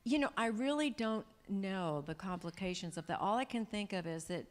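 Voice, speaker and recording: A woman's voice: medium pitch, animated, moderate pace. Give me a woman in her sixties telling chatty stories to an audience in a reverberant hall. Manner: chatty, warm storytelling with laughs. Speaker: guest speaker. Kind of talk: Q&A talk to an audience. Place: large event hall. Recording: hall reverb from a live event room.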